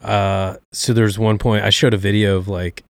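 A man who is a pastor, talking about his preaching in a relaxed, reflective way with many fillers. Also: lowish voice, normal speed, no room sound. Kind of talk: casual chat.

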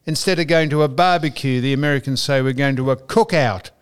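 A man, hosting a chatty podcast and rambling through shout-outs and digressions. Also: mid-range voice, fairly quick, smooth. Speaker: podcast host. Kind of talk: casual banter podcast.

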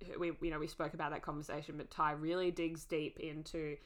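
A woman's voice: sits low, little pitch movement, a little fast. A woman co-hosting a casual recap podcast, chatty, laughing often and swearing casually. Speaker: podcast co-host.

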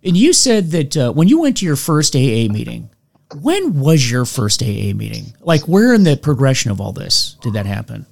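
A man hosting a podcast, telling stories in a casual, self-deprecating way. His mid-height voice swings widely in pitch as he talks, and he laughs often. He peppers his sentences with "you know" and starts them over. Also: very animated, normal speed, gravelly. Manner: frequent restarts and "you know". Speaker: podcast host. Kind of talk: casual storytelling interview.

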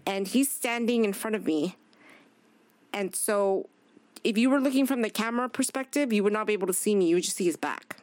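A woman's voice: medium pitch, brisk, a little mellow, dry recording. A woman chatting casually on a podcast, speaking candidly, swearing freely and acting out what others said. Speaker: podcast guest; chef. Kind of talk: casual chat.

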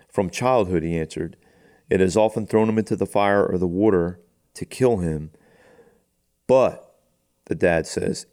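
A man with a very deep, low-pitched voice reads a scripture passage and unpacks it in plain conversational talk. As a pastor co-hosting a podcast, he pauses to think aloud and voices the quoted lines in an easygoing way. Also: a little mellow. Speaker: pastor co-host of a faith podcast. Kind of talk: reading and explaining scripture in casual chat.

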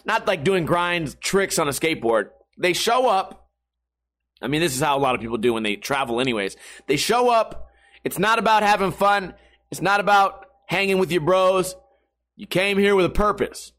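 A young skateboarder vlogger talks to camera at a moderate pace, his high-pitched voice a bit bright and full of lively intonation. The casual monologue is a sarcastic rant about his internet and skating, peppered freely with profanity.

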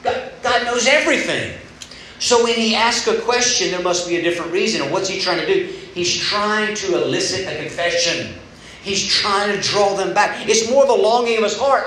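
A young man preaches a sermon in a large room at a retreat, speaking conversationally and acting out the voices he quotes. His voice sits high with a sharp tone at a moderate pace, and the echoey room carries faint background noise.

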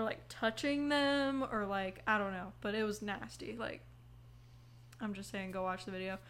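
A young woman chats loosely into her podcast mic, with plenty of fillers and the odd casual swear. She yawns between thoughts and drifts from one story to the next at an easy, unhurried pace. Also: mid-range voice, fairly bright tone, slight background noise. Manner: rambling, lots of "like", yawning, swears casually. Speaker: podcast host. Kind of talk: casual chat. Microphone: headphones on, recording mic.

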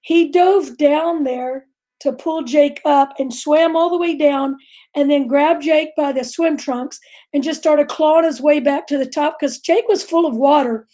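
A woman's voice: high voice, a little slow, dark tone. A middle-aged woman earnestly telling a vivid personal story as a guest on a faith talk show.

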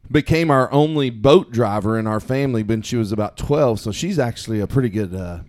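A man's voice: medium pitch, fairly quick, darkish tone, no echo, studio quality. Folksy middle-aged man. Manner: folksy, teasing, drawling y'all. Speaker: podcast co-host. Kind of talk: casual chat.

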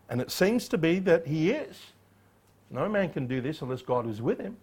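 A man preaching an expository sermon, emphatic and animated, acting out the voices in the passage he reads. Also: fairly high pitch, normal speed, slightly rough. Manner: emphatic, acts out quoted voices.

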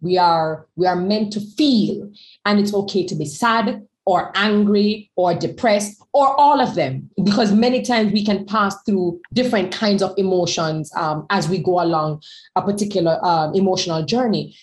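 A woman's voice: mid-range voice, normal speed, rough recording. Emphatic woman in candid conversation. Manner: emphatic, repeats words while gathering thoughts. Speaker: guest speaker.

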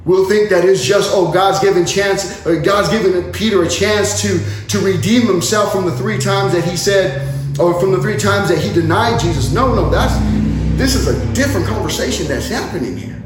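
High-voiced preacher in an echoey room. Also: male voice, moderate pace, music in the background. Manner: conversational preaching, acts out dialogue, frequent restarts. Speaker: pastor. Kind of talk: sermon.

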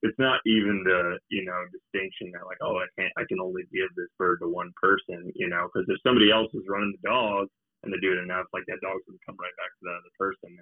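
A man with a very deep, flat voice explains dog training in an easygoing way, full of "you know". He comes through a thin, phone-like line that sounds dry. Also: quick pace, dry recording. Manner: relaxed, steady explanations dotted with "you know". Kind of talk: casual chat.

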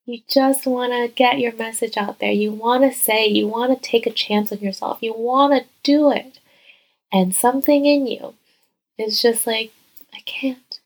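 A woman hosting her own podcast from a guest bedroom, talking casually and warmly into a close mic, full of "like" fillers and slipping into soft whispers. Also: mid-range voice, gravelly, low-quality recording. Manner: heartfelt, chatty, many "like" fillers, dips into whispers. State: teary-eyed. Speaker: podcast host and coach. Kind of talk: casual solo podcast talk. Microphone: close podcast mic, crouched over it.

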